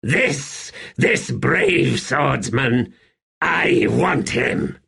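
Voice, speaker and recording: A man's voice: lively intonation, extremely slow, gravelly, breathy edge, full character voice. A man voicing a shrieking, unhinged young male warrior emperor in an audiobook. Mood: fixated. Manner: shrill, frenzied shouting.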